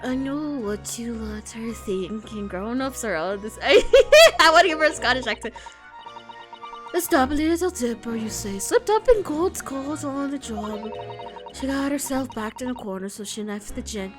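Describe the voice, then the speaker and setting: A woman's voice: on the high side, normal speed, over music, close to an everyday voice. Woman putting on a cocky cockney pickpocket girl. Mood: taunting. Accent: Cockney put-on. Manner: cocky street slang. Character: cheeky young female pickpocket.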